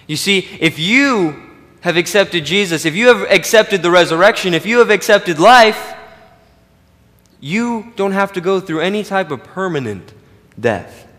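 Man, pastor, sermon, fairly high voice, loud peaks and hushed low asides, long hall reverb.

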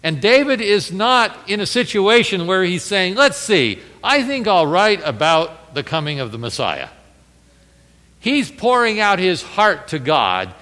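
Animated preacher in a reverberant hall. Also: male voice, high voice, measured pace. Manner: conversational and animated, reads scripture with rising intensity. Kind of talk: expository Bible sermon.

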